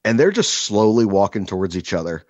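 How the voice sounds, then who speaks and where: A man hosting a podcast, telling a crude comic story in an animated, rambling way with many fillers, seated across from his co-host. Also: lowish voice, brisk, no room sound, highs cut off. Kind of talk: casual comedic storytelling.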